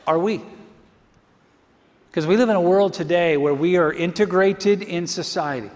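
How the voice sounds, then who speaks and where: Pastor, male, high voice, emphatic sermon delivery with hushed drops, long reverb. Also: normal speed. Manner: emphatic preaching, drops to a hush for effect.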